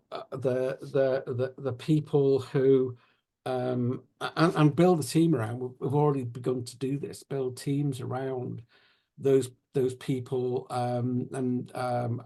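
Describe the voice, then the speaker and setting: A man's voice: medium pitch, creaky, darkish tone. A man hosting a conversational interview, rambling and searching for his words as he asks questions. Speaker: host.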